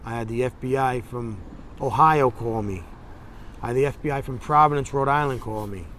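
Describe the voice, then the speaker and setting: A man's voice: mid-range voice, moderate pace, a bit bright, a little hiss or hum. A man in a documentary interview, bluntly telling a story and acting out both sides of phone calls.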